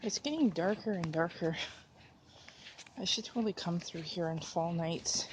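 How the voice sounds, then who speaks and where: A woman's voice: fairly low pitch, normal speed, slight background noise. A young woman chatting casually to her camera while walking through woods at dusk, a little out of breath and giggly. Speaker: vlogger. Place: outdoors in a forest at dusk. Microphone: handheld camera while walking.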